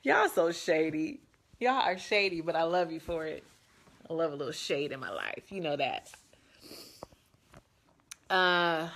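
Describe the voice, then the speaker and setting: A woman from Detroit in her forties chats through viewer comments in a rambling, unhurried way, filling the gaps with ums and restarts. Her voice sits somewhat low, and she teases herself playfully as she goes. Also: animated, a bit bright. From Detroit, USA. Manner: playful and self-mocking. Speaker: reality TV personality answering viewer comments. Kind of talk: casual live chat reading comments.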